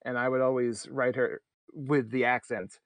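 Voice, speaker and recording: A man's voice: mid-range voice, level tone, normal speed, no echo. A man chatting casually as a podcast guest, laughing often and rambling with restarts. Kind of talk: casual chat.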